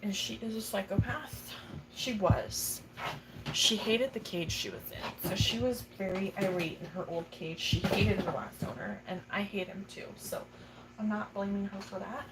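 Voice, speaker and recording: A young woman chats casually on a livestream while looking after her tarantulas, swearing freely and cooing at her spider. Her mid-range voice moves at a normal speed, and the phone recording is very noisy.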